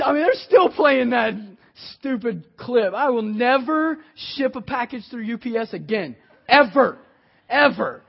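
A middle-aged man from Kentucky preaching a sermon, praying and then telling a lively story about himself. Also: extremely high pitch, normal speed, vocal fry. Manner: animated storytelling, acting out his own excitement. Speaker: pastor. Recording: dull lo-fi sermon audio.

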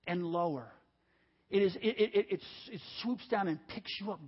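A man's voice: high-pitched, breathy edge. A man preaching a sermon, emphatic and repetitive, calling on the congregation to answer back. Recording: dull lo-fi audio.

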